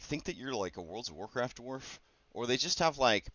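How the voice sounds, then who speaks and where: A man working as a game master, talking casually through his campaign prep in a rambling, conversational way with many fillers and quick asides. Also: mid-range voice, lively intonation, a bit bright, slight background noise. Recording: dull, dry lo-fi recording.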